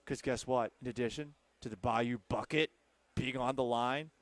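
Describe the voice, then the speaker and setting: A Texan man hosts sports talk radio from a studio, reading promos and fielding listener questions. He is loose and rambling, often joking at his own expense. His middle-pitched voice is close and dry on the mic. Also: fairly even intonation, moderate pace, no room sound. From Texas. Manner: playful, rambling, self-mocking. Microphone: studio microphone.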